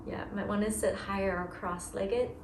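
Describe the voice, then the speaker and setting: A woman teaching a yoga class, giving slow, soothing cues about breath and movement. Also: mid-range voice, steady tone, echoey room, noisy background. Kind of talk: guided yoga class instruction.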